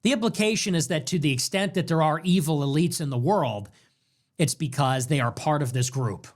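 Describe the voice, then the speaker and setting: A man's voice: a little high, a little fast. A man hosting a commentary show, reacting to clips in a mocking, sarcastic way and repeating phrases back. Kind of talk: political commentary stream.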